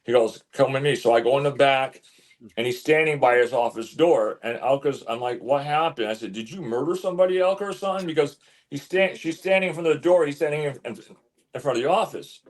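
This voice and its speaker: A man telling a story as an interview guest, animated, stumbling and repeating words as he goes. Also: medium pitch, a little fast. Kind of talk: casual storytelling.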